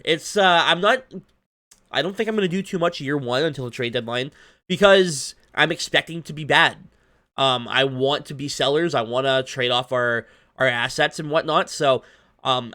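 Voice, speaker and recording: A man talking casually over a hockey video game, chatty and self-deprecating, his voice a bit hoarse from long recording. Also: on the high side, bright, forceful tone. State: losing his voice, slightly hoarse. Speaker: gaming YouTuber. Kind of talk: casual gameplay commentary. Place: at his desk at home.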